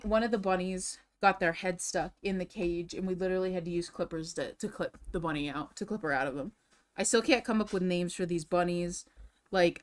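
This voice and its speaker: A young woman streamer chatting casually in a rambling way, restarting her sentences often and swinging between tired and excited. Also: mid-range voice. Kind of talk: casual chat.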